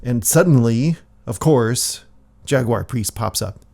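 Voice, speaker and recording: A man casually reading his own comic aloud, halting often and adding soft asides. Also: medium pitch, lively intonation, vocal fry.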